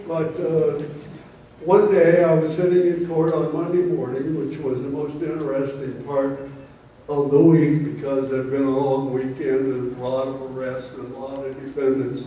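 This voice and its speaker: A man telling folksy true stories at a live storytelling event, in a slow anecdotal manner, recorded from far off in a roomy hall. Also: fairly high pitch, dark tone, highs cut off, slight background noise. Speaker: storyteller, former prosecutor.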